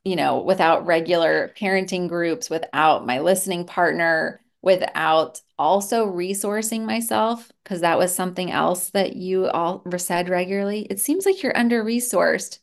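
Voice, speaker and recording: Low, gravelly woman talking candidly. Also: normal speed, few pauses. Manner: candid and reflective, with many restarts. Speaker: guest, therapist and mother. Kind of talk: casual conversational interview.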